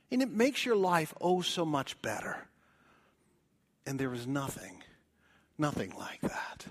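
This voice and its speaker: A male preacher giving a dramatic evangelistic sermon in a church, swinging from loud appeals to hushed whispers. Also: on the high side.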